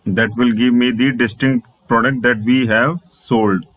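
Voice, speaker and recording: Male tutor, tutorial delivery, mid pitch, dry and close, restates every step. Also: fairly even intonation, measured pace, fairly bright tone, dry recording, rough recording. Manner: repetitive, restates phrases, spells out letters. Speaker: programming instructor. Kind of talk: screen-share coding tutorial.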